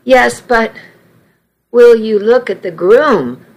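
A woman's voice: on the high side, slow. A woman voicing a nosy, gossipy little old lady who tuts at the young.

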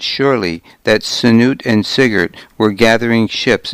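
A man reads a first-person historical tale with a slow, deliberate pace. His voice sits somewhat low and is smooth and clear. It is recorded close and dry, with no room sound. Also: dry recording. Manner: measured, steady storytelling. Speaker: audiobook narrator. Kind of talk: first-person scripted narration.

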